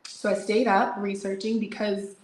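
A woman's voice: medium pitch, moderate pace. Chatty woman in an echoey room. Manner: chatty, animated, frequent "like" fillers and laughs. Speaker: interview guest, entrepreneur. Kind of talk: casual storytelling interview.

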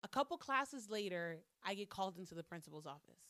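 A woman telling a personal story straight to her viewers in a casual, animated way, swearing freely and breaking into loud exclamations. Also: mid-range voice, fast, no room sound. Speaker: vlogger.

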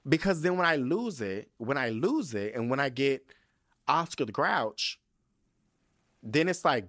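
A man's voice: medium pitch, big pitch swings, a little slow, pauses often, a bit bright, no room sound. Profane ranting man, dry close sound. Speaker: podcast host. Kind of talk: casual storytelling monologue.

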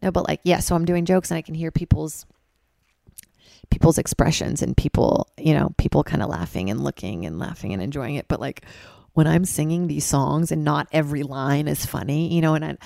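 Low, gravelly woman rambling on a podcast. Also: dry recording, studio quality. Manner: loose, rambling, self-mocking, swings into loud high bits. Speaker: podcast host. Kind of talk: casual solo podcast chat. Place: hotel room. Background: ice machine outside.

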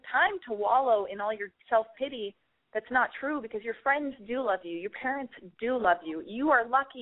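Woman host, high-ish voice, swears freely, rambling pep-talk energy, phone-line tinny sound. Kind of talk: casual advice call-in chat.

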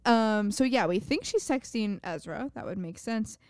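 A young woman co-host with a smooth, clear voice, recapping scenes quickly and laughing along. Her voice sits close to the mic in a dry space. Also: medium pitch, expressive, darkish tone, no echo. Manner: laughs often, narrates scenes briskly. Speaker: podcast co-host. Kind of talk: casual recap chat.

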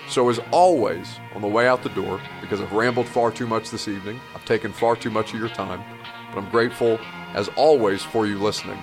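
A man's voice: fairly low pitch, steady tone, brisk, faint music behind. A male podcast host giving a heartfelt, thankful sign-off to his listeners, a little emotional. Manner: earnest, thankful, slightly emotional.

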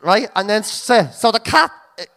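An Irish woman co-hosting a podcast tells a comic story packed with swearing, laughing through her lines. Her medium-pitched voice is a bit bright, with lively intonation and a moderate pace.

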